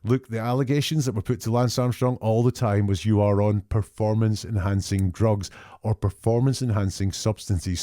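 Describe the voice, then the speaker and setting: Mellow-voiced man dissecting statements. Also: medium pitch, no room sound, studio quality. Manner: conversational, picks apart quotes word by word. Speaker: statement analyst host. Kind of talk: analytical commentary.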